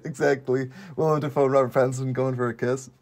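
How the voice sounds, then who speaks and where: A man co-hosting a casual movie review chat, lively and quoting characters in playful voices. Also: medium pitch, fast talker. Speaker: podcast co-host.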